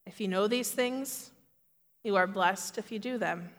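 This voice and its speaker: A woman preaching a sermon in a measured, earnest way. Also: mid-range voice, long reverb tail.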